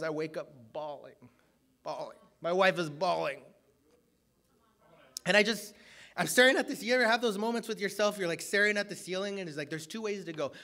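A man shares a personal story during a sermon, alternating between loud, emphatic passages and low, hushed asides.

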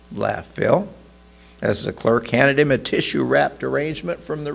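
A man preaching a sermon, narrating a story slowly and deliberately. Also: mid-range voice, sing-song, gravelly, husky.

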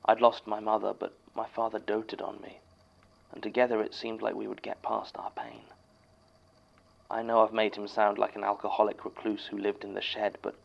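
A man playing an archivist who reads a written statement aloud in scripted horror narration, measured and somber. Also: on the low side, creaky, dull audio.

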